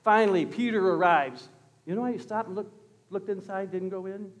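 Man preaching in a church, high voice, big hall reverb, goes loud then real quiet. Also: brisk. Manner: dramatic storytelling, swinging from loud to hushed. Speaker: pastor. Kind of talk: sermon.

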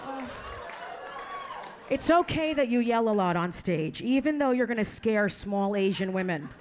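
Brash woman comic in a loud club. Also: on the high side, expressive, crowd noise. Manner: brash, crude and fast-switching, with sudden jumps in voice. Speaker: stand-up comedian. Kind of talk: live stand-up comedy. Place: comedy club stage. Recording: live club audience and noise.

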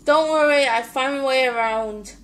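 An excitable Irish woman chatting through gameplay as a let's play host. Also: high-pitched, normal speed. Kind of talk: gaming commentary.

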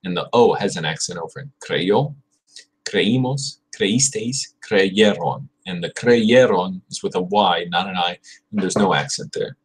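A young man with a husky, somewhat low voice, working through a casual livestream study session. He repeats verb drills over and over and drops muttered asides between them. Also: unhurried. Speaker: channel host studying Spanish.

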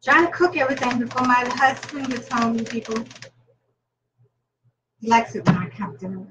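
A woman's voice: on the high side, fairly even intonation, normal speed. A woman in her fifties chatting casually to her viewers while she cooks in her home kitchen. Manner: chatty, talks straight to viewers. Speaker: vlogger. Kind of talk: casual cooking vlog chat. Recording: distant lo-fi camera audio with faint noise.

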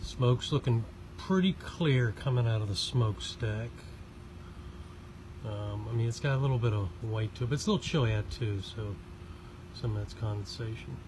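A man's voice: mid-range voice, moderate pace. A man hosting a home cooking video, talking casually outdoors and explaining each step in an easygoing, chatty way. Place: outdoors by a backyard smoker. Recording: outdoor recording with noticeable background noise.

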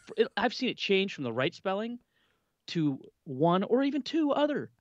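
A man co-hosting a casual tech podcast, talking in an animated way with many restarts and growing exasperation. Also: high voice, moderate pace, lo-fi sound. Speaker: podcast co-host.

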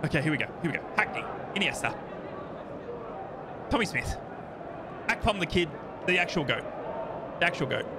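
A young man reacting live to a football match, talking nervously to the game and breaking into excited cheering. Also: on the high side, moderate pace, long pauses, background noise. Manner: excitable, anxious then euphoric, talks to the match.

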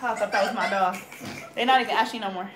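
A woman's voice: medium pitch, steady tone, quick pace. A young woman from the Bay Area vlogging playfully at home, joking and laughing with friends while she dances. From Bay Area, California. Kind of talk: casual chat while dancing on camera. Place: room at home. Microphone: camera set across the room. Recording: echoey room, mic far off, faint noise.

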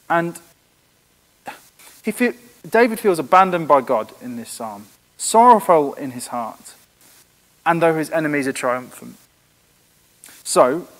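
A man giving a frank, earnest church talk in conversation with a host. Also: on the high side. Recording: echoey room with long reverb.

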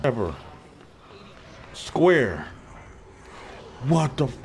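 A man talks over his gameplay in loose, slangy, trash-talking commentary. His mood swings between cocky hype and frustration. His voice sits at an ordinary middle pitch, with a faint hiss of noise behind it. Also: animated, moderate pace, pauses often. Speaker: gaming YouTuber.

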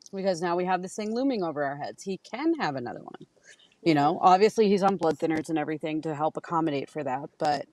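A woman speaks earnestly and bluntly about caring for her husband, swearing now and then. Her voice sits low, and the sound is dry and close, with no room echo. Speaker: caregiver guest. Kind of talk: casual livestream conversation.

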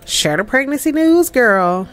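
Let's play host, woman: animated, chatty commentary, a voice with a lively swing. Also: high-pitched, measured pace. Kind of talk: casual gameplay commentary.

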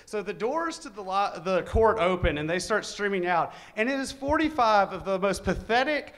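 A man telling a comic true story live on stage, animated, profane and self-mocking. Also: sits high, moderate pace.

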